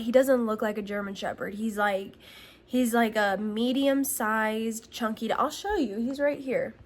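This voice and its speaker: Slow-talking young woman telling a personal story. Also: on the high side. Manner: candid, emphatic, swearing, filler-heavy. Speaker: vlogger.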